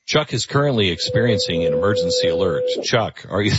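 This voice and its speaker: Earnest animated radio host man. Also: sits low, a little fast. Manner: earnest, animated, with repeated restarts. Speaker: radio talk show host. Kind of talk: call-in radio talk. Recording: slightly muffled radio studio audio.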